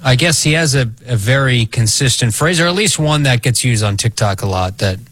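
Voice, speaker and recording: A man co-hosts a sports radio show in a dead, dry studio, at a medium pitch. His humor is dry and self-deprecating. He hesitates often and fills pauses as he goes through stats. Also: animated, fairly bright tone, no room sound. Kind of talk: casual studio banter. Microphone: studio microphone.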